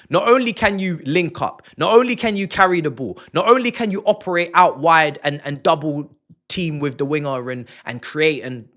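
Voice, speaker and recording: A young man giving an excited fan reaction to a football match, playful and full of repeated words for emphasis. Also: high-pitched. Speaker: football channel host.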